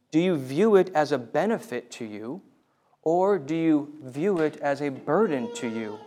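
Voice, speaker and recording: A man preaching a sermon, speaking in slow, emphatic phrases and repeating lines for weight. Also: a little high, darkish tone. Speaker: pastor.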